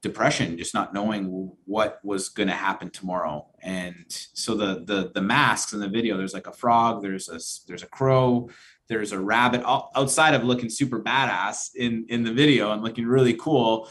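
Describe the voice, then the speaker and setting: A man's voice: lowish voice, steady tone, moderate pace, a bit bright, slight background noise. A man around thirty, a band member being interviewed, who explains things at length in an earnest, reflective way. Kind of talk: conversational interview.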